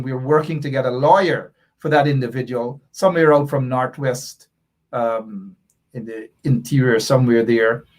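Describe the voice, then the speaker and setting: A man hosting a political talk show, emphatic and repetitive, reading out viewer comments and answering them. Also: a little high. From Guyana. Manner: emphatic, repeats points, reads viewer comments aloud. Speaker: show host.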